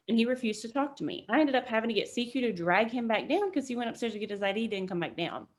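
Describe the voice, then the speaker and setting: Animated woman veteran telling stories. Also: on the high side, fast, hardly any pauses. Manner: animated, acts out quoted voices, swears freely. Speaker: military veteran guest. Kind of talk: casual podcast storytelling.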